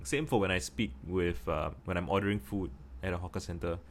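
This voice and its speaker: A man's voice: low voice, brisk, a little hiss or hum. A man from Singapore with a Singaporean English accent, talking casually to camera and thinking aloud with many restarts. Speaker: vlogger.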